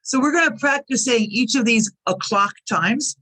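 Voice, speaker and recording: Lady teaching english, says each phrase slow and repeats it for learners. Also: on the high side, sharp tone. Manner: careful, repeats example sentences for learners. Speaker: ESL teacher. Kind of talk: slow clear teaching narration.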